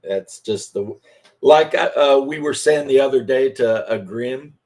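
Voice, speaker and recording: A man's voice: medium pitch, measured pace, darkish tone. A man in his fifties from Kentucky, hosting a casual chat while crafting and telling rambling anecdotes.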